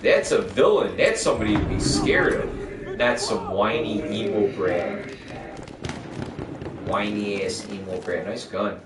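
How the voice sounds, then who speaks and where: Male game streamer, mid-pitched, rambling and foul-mouthed, heard from a distant mic in an echoey room with background hiss. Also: animated, measured pace. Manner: rambling, profane, opinionated. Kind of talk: casual gaming livestream chat.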